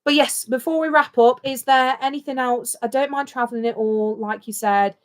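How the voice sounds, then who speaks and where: A woman's voice: fairly high pitch, steady tone, normal speed. A British woman co-hosting a casual livestream, chatting in a rambling, jokey way. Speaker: livestream co-host.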